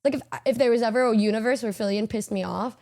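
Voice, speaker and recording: A young woman hosts her own stream with a slightly high voice. She is chatty and playful, and often laughs between remarks. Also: fast talker, darkish tone. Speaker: streamer host. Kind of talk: casual stream chat.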